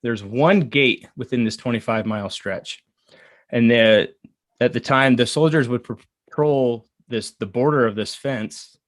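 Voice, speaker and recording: A man in his thirties telling a personal story in an earnest, halting way, with many fillers and restarts. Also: medium pitch, no echo. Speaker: guest. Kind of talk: casual storytelling.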